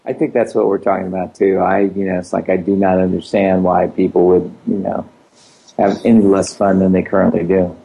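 Low-voiced relaxed man co-hosting. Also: brisk, vocal fry, husky, low-quality recording. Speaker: co-host. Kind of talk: casual conversational chat.

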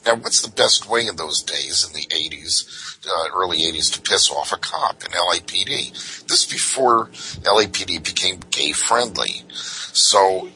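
An older man, a former undercover investigator, telling an animated anecdote in an interview with frequent asides. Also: low voice, moderate pace, rough recording. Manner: animated, full of "you know" asides.

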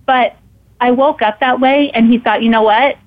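A woman tells a personal story as a podcast guest, slightly high-pitched and lively, voicing her own thoughts aloud. Her voice comes through a thin, phone-like line. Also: normal speed. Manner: animated, acts out her own thoughts in quotes. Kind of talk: storytelling in casual conversation.

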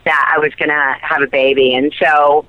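A woman's voice: sits low, flat delivery, normal speed, no room sound. A woman, an actress guest, telling a personal story in a chatty, giggly way with lots of fillers, heard over a phone line. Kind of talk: casual chat.

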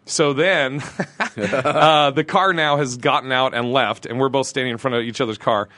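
A man, a comedian guest, telling an animated story, laughing through it and acting out the people in it. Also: medium pitch, normal speed, no room sound. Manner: laughs through his story, acts out quotes.

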